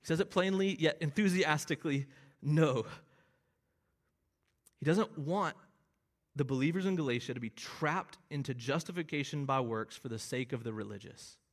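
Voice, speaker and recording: Earnest male preacher, fairly high voice. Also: brisk. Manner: earnest expository preaching, rising emphatic on key phrases. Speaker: pastor. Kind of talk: sermon.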